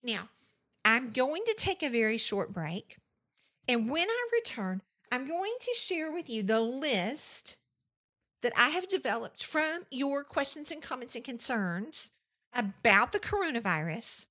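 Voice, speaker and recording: Expressive Southern woman hosting a podcast. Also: high voice, measured pace. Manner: emphatic, repeats phrases for effect. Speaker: podcast host. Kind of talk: faith-based podcast monologue.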